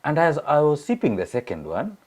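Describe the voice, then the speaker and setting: A man's voice: a little high, fairly quick, breathy edge. A young Kenyan man with a Kenyan accent, telling a personal story in a casual chat, mixing languages and acting out the people he quotes. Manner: animated, acts out quoted voices. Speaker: guest sharing his story. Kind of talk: casual storytelling in English and Swahili.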